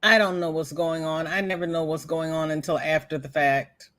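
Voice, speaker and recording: A woman's voice: sits low, steady tone, normal speed, a bit bright. A woman hosting a crochet livestream, chatting casually and greeting viewers by name, with folksy exclamations.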